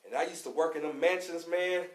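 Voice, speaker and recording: A man's voice: on the high side, steady tone, fairly quick, roomy sound, low-quality recording. A man from Louisville, Kentucky, giving a fiery, slangy preaching lecture as class teacher on a radio show. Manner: fiery, slangy, repeats "you know what I'm saying". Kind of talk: preaching street-talk lecture.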